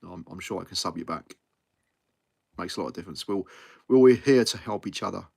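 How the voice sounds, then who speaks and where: A man's voice: low voice, brisk, creaky, a little mellow, slightly rough, no echo, studio quality. A man hosting a live music stream, chatting casually to viewers, thanking them and repeating himself as he talks. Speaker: livestream host.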